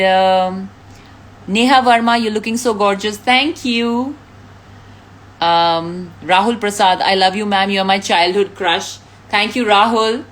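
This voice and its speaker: A woman's voice: medium pitch, fairly bright tone, slight background noise. A woman, chatting casually on a live stream, reading out fan comments, thanking people and laughing often. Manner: reads out names, thanks fans, laughs often.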